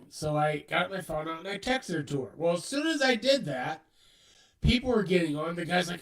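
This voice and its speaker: A man's voice: on the high side, lively intonation, moderate pace, far from the mic, rough recording. A man co-hosting a show, telling a long story in casual chat and acting out what people said. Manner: rambling, retells dialogue. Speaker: co-host.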